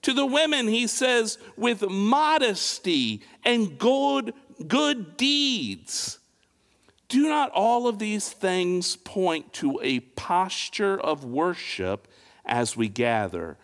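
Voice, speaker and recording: In a large hall with long reverb, a male preacher with a high, fairly bright voice delivers a very animated sermon at an unhurried pace, swinging dramatically in emphasis and firing off pointed rhetorical questions.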